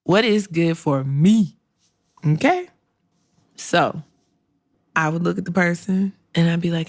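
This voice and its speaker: Middle-aged woman podcast host, low and gravelly, sassy and blunt advice delivery, dry close recording. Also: lively intonation, slow pace, long pauses, dry recording. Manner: blunt, sassy and conversational, with laughs and acted-out quotes. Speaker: podcast host and career coach. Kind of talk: candid solo podcast advice.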